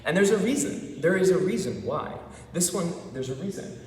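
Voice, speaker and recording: A man's voice: on the high side, animated, distant mic, slight background noise. Man teaching in an echoey hall. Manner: repeats words slowly to demonstrate sounds; checks in often with the class. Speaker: English pronunciation teacher. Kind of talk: classroom lesson.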